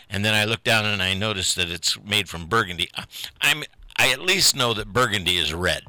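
A man's voice: fairly low pitch, sharp tone, no echo. Chuckling folksy Midwestern older man. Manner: folksy, chuckling, self-deprecating, meandering. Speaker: local radio host. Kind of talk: rambling solo radio chat.

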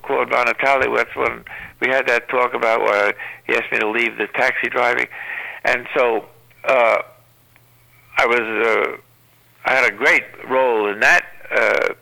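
An older man, a guest actor, telling rambling anecdotes in an interview, with many pauses and fillers. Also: medium pitch, fairly even intonation, gravelly, pushed and bright, poor audio.

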